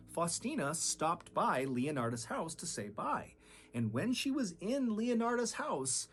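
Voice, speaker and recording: Man, true crime storyteller, dramatic delivery, swings between loud and hushed. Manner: dramatic, shifts pitch and loudness for suspense.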